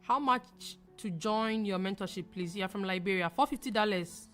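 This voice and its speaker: A young woman from Ghana hosting a live trading stream, talking fast as she reads viewer comments aloud and answers them. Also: mid-range voice, fairly bright tone, faint music behind. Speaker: forex trading livestream host. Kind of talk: casual livestream chat reading viewer comments.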